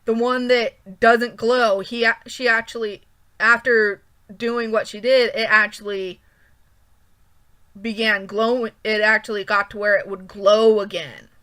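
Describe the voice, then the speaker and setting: A woman's voice: on the high side, steady tone, measured pace, bright, forceful tone. A woman chatting casually over her drawing, rambling with frequent ums and restarts. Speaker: art channel creator.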